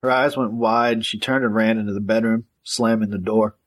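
A man narrating a gritty crime novel in a steady, matter-of-fact audiobook reading. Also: on the low side, brisk.

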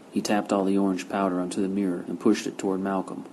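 A man narrating a first-person crime novel with steady, gritty storytelling. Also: sits low, quick pace, hardly any pauses, slight background noise, poor audio. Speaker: audiobook narrator.

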